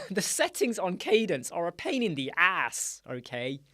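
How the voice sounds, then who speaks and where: Man, live chat host, chatty, lively pitch swings, dry close sound. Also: measured pace, no room sound. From United Kingdom. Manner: chatty, animated, with many fillers and asides. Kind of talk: casual live-stream chat answering viewers. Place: small dark room with sound panels.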